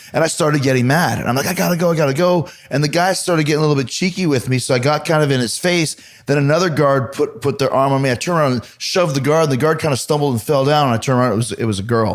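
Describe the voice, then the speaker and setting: Man telling wild road stories. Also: mid-range voice. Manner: lively anecdotes with casual swearing and laughs. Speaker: podcast host. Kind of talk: casual storytelling chat.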